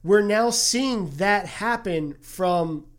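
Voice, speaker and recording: Swearing podcast woman retelling a movie. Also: medium pitch. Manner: retells scenes with quick put-on quotes, swears freely. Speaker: podcast host. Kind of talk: casual chat recapping a movie.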